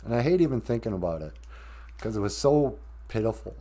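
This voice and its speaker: Casting: male live-stream host, casual and rambling, lively pitch that rises and falls a lot. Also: fairly quick. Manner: candid and rambling, with frequent self-interrupting asides. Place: at home.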